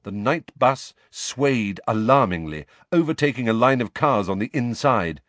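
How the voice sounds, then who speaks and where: A man reading a story aloud as an audiobook narrator, with expressive storytelling. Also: medium pitch, a little slow, no room sound. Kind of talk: scripted narration.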